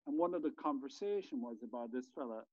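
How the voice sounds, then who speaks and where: A man's voice: medium pitch, lively intonation, fast, a little mellow, no room sound, dull audio. A man, a podcast guest telling a rambling, profane story in casual chat. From Ireland. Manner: rambling, swears freely, many restarts.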